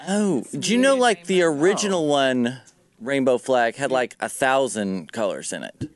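A man appearing as a guest on a comedy talk show, making wry, deadpan quips. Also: mid-range voice, moderate pace. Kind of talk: casual comedic banter.

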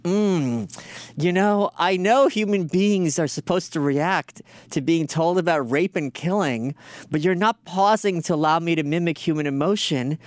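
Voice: medium pitch, measured pace, dry recording. Sarcastic, swearing podcast host, dry sound. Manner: sarcastic, mocking, swears a lot; mimics others in put-on voices. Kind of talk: profane comedic commentary on clips.

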